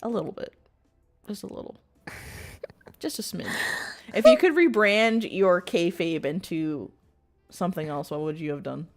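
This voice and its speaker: A woman joins a stream as a guest, chatting casually. She teases her host and laughs easily, and her voice moves through a wide, animated pitch range. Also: moderate pace, pauses often, soft background music. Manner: teasing, laughing often. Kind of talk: casual chat.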